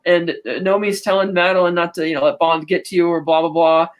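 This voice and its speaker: A woman's voice: on the low side, fairly even intonation. Podcast lady talking through a movie plot, chatty, tosses in character lines. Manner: chatty, quotes characters in quick asides. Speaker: podcast co-host. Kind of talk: casual film recap.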